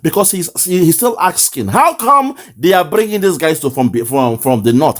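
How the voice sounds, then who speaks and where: A man's voice: mid-range voice, sing-song, moderate pace, few pauses. A man with a Nigerian accent hosting impassioned online political commentary, fiery and mocking, often breaking into laughter.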